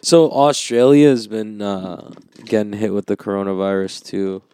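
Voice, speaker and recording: A man's voice: lowish voice, steady tone, moderate pace, warm tone, smooth, no room sound. A young man in casual, profane chat, telling stories and acting out other people's voices.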